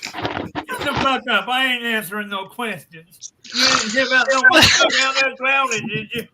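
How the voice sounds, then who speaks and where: A man voicing a brash, foul-mouthed, arrogant man on a boat who shouts crudely and cockily. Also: extremely high pitch, moderate pace, background noise, voice pushed up.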